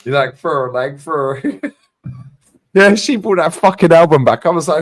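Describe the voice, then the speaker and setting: A London man hosting a stream on a video call, chatting casually in quick slang with laughter and swearing. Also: on the high side, lively intonation. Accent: London English. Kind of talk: casual chat.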